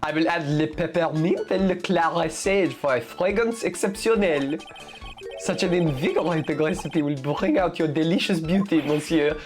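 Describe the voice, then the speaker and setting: Woman putting on a flamboyant male restaurateur, put-on French accent, theatrical, flirty, drawn-out vowels, faint game music behind. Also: low-pitched, darkish tone, lightly acted.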